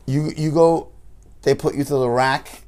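A man ranting loudly and profanely in casual chat. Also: fairly high pitch, fairly even intonation, unhurried, a loud crowd. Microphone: lapel.

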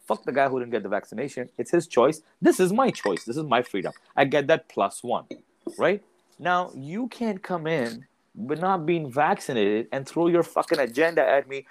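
A man's voice: fairly high pitch, expressive, normal speed. A man in casual chat, ranting heatedly and swearing freely. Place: Ontario, Canada.

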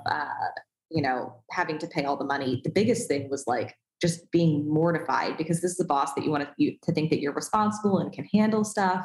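A woman's voice: low-pitched, a little fast, darkish tone, echoey room, poor audio. A woman telling a self-deprecating story in casual podcast chat, acting out the dialogue. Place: Los Angeles.

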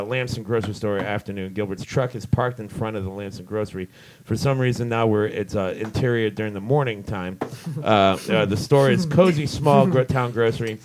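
A man's voice: on the low side, background noise. A man narrating a script's stage directions in a casual comedic table read, with lots of fillers and little side jokes.

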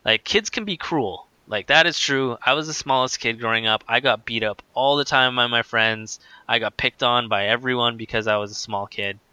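A man tells a story from his childhood in a loose, rambling way, hanging "like" and restarts on his sentences. His voice is very bright and forward. It is recorded close and dry, with no room sound. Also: mid-range voice, moderate pace, few pauses, smooth, no room sound. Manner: rambling, filler-heavy with many "like"s. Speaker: guest telling his story. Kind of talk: casual conversational storytelling.

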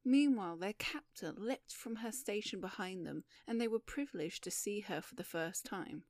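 A woman narrating a story in a measured audiobook reading. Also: mid-range voice, expressive, darkish tone, no room sound, studio quality.

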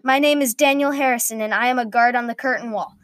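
A woman's voice: a little high, fairly even intonation, quick pace, a bit bright, no room sound, studio quality, voice pushed up, natural voice. Daniel, a restless young guard, read by a woman. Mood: formal. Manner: raised, urgent calls. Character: young male castle guard, restless and greedy.

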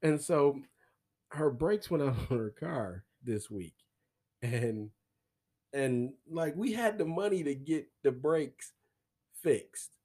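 A man's voice: a little high, darkish tone, husky. A man hosting a comedic solo podcast, rambling and swearing as he laughs through his own words. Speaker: podcast host.

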